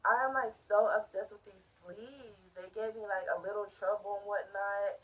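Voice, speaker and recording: A woman's voice: mid-range voice, fairly even intonation, moderate pace, distant mic. A young woman vlogging about her homemade fashion, chatty and bubbly, rambling with lots of fillers, her throat a bit scratchy. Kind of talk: casual DIY fashion vlog.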